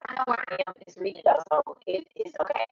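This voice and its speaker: Woman, higher voice, spiritual reader, casual livestream, chatty check-ins. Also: animated, fast talker, vocal fry, dry recording, recorded from a distance, dull audio. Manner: loose and chatty, checking in with listeners.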